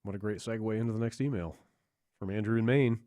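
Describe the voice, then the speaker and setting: A man's voice: fairly low pitch, fast talker, dark tone, dry recording. A man hosting a podcast and reading listener emails aloud in a wry way. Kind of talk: casual chat.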